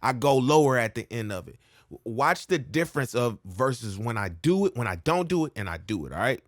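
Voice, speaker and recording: A man's voice: medium pitch, very animated, fairly quick, no room sound, clean studio sound. Laid-back man coaching rap. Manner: laid-back, slangy, frequent "all right?" check-ins. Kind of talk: casual music lesson with rap demos.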